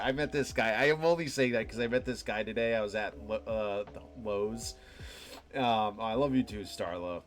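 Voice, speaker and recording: A young man hosting a live stream, talking in a halting, reflective way with many restarts and fillers. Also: mid-range voice, soft background music. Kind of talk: rambling reflective monologue to chat.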